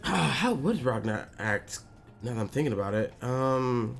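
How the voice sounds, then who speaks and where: Halting man chatting over a game. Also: medium pitch, animated, creaky. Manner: halting, repeats words, laughs often. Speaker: host of gaming stream. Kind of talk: casual chat while playing a game. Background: faint game music.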